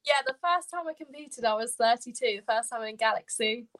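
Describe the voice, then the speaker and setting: A woman's voice: fairly high pitch, brisk, fairly bright tone. A woman who is a guest on a podcast, chatting casually and laughing self-consciously. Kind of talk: casual chat.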